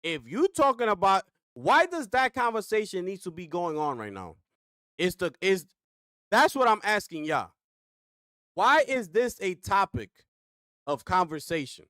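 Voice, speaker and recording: Gaming streamer, male, high and lively voice, rhetorical and slangy rant. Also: unhurried, dry recording, studio quality. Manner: animated, rhetorical questions, slangy. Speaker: gaming commentator reacting to a clip.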